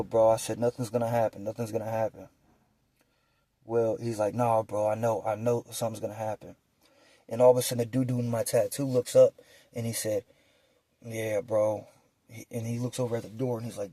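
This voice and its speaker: A man's voice: mid-range voice, fairly quick, no room sound. A young man telling a story from his prison days in casual street slang, acting out the voices of the people in it. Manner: animated street slang, acts out quoted voices.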